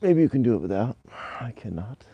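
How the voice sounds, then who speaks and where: A man's voice: medium pitch, big pitch swings, a little fast, breathy edge, no room sound, dull audio. A middle-aged man leading a live exercise class, giving step-by-step cues while moving, on a clip-on mic. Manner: coaching cues between moves, apologetic about the mic. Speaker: movement instructor. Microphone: clip-on mic worn while exercising.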